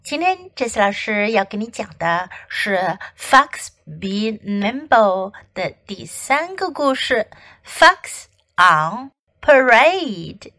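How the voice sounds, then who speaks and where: A woman from China, a children's English teacher and host, reading a picture book aloud in a gentle, sing-song way. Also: mid-range voice, sing-song, slow, dry recording. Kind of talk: bilingual storybook reading.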